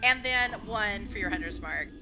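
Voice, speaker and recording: A woman's voice: mid-range voice, animated, moderate pace, muffled recording, music in the background. A woman narrating as game master of a tabletop game, chatty and hesitant with many fillers. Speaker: dungeon master.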